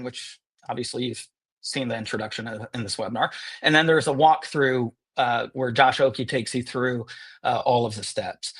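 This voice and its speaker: Husky upbeat man hosting a webinar. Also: mid-range voice, a bit bright. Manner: upbeat, joking, with sarcastic asides. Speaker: webinar host and software presenter. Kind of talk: live webinar product demo. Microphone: earpiece in one ear.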